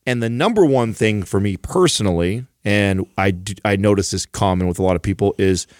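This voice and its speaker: A man's voice: fairly low pitch, brisk, a little mellow, no room sound, clean studio sound. A man co-hosting a podcast, telling a rambling, self-mocking story in casual chat. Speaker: podcast co-host.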